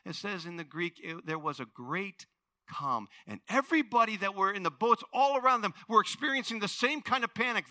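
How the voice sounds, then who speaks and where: A male pastor preaching a sermon, telling a story with animated voices and swinging from hushed to loud. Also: high voice, no echo.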